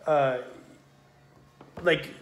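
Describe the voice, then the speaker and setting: A young man co-hosting a podcast, talking casually in a rambling, profane way, full of fillers like "you know what I mean". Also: drawn-out words. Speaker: podcast co-host. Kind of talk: casual chat. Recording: echoey room.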